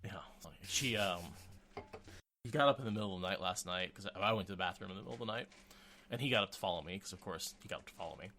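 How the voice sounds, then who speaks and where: A man hosting a podcast in casual chat from a home setup, animated and cursing casually. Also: sits low, racing, a little hiss or hum. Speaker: podcast host. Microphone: home recording.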